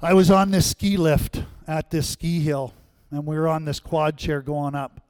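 A man preaching a sermon as pastor, calling out questions to the congregation and swinging between loud, emphatic lines and quiet asides. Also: fairly high pitch, flat delivery, measured pace, dry recording. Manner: call-and-response, asking the congregation questions.

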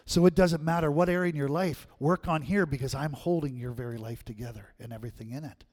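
Higher-voiced conversational male preacher. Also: fairly even intonation, quick pace, darkish tone. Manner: conversational, repeats "right?" to the congregation. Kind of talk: sermon.

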